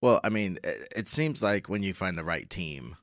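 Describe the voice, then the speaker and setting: A man co-hosting a podcast, chatting casually with relaxed joking asides. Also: deep voice, normal speed, dry recording, clean studio sound. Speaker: podcast co-host. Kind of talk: casual chat.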